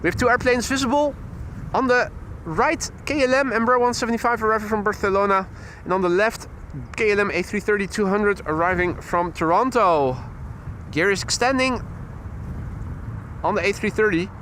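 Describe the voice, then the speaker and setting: A Dutch man hosting a live plane-spotting stream outdoors beside an airport runway, giving steady, informative commentary on arriving flights. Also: sits high, moderate pace, a little hiss or hum. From Netherlands. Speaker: plane-spotting livestream host.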